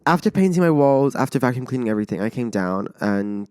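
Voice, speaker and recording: A man's voice: mid-range voice, big pitch swings, warm tone, no room sound, studio quality. A young man hosting a podcast, telling an emotional story in a swearing, indignant rant full of "like" fillers. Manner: swears a lot, fast-rising indignant outbursts, many "like" fillers. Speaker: podcast host.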